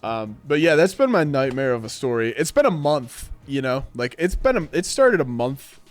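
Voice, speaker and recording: A man's voice: medium pitch, normal speed, no room sound. A man in his thirties ranting to his live stream chat, swearing and acting out the people he quotes. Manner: animated, swears a lot, acts out quoted voices. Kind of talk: casual rant to stream chat. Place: home streaming room.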